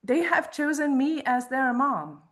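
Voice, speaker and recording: Slow-spoken woman reflecting earnestly. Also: sits high, lively intonation. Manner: thoughtful, earnest, spiritual reflection. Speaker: podcast host. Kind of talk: reflective casual chat.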